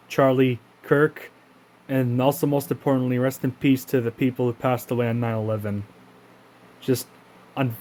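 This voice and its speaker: A Canadian man hosting his own channel delivers a casual, indignant rant to camera full of profanity, often halting and restarting his sentences. His voice is mid-range and slightly mellow.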